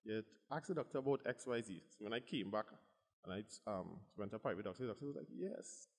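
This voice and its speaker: A Trinidadian man, a bodybuilder guest, telling stories in an animated, casual way and acting out what others said. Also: on the low side, quick pace, husky, long reverb tail. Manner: animated, acts out quotes. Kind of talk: casual storytelling.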